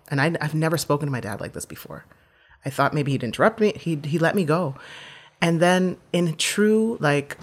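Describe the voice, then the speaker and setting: A woman guest telling a personal story in a heartfelt, vivid way, often restarting her phrases. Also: low voice.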